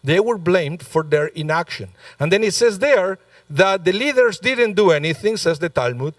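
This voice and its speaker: A man's voice: sits high, animated, moderate pace, no echo, distant mic. A male rabbi delivering a sermon in a conversational, storytelling way, with frequent asides to the congregation. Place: synagogue sanctuary.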